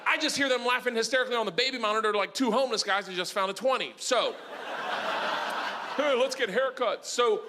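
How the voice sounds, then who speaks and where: A middle-aged man doing stand-up comedy, telling a story loudly and shouting his punchlines, recorded on a stage mic. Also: very high-pitched, fast. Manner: loud, animated, shouting punchlines. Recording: stage mic with audience noise.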